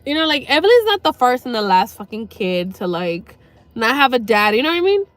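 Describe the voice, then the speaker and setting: A young woman talking to her viewers about something painful, rambling and swearing, pausing to sigh and close to tears. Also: on the high side, very animated, faint music behind. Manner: rambling, sweary, halting with sighs. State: near tears. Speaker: livestreamer. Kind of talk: emotional personal talk to viewers.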